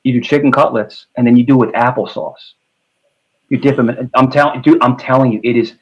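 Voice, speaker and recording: A man's voice: mid-range voice, fairly even intonation, brisk, lo-fi sound. A man with a New York accent chatting casually about food, rambling and often repeating himself. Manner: rambling, repeats words, says bro a lot. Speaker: host. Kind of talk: casual chat.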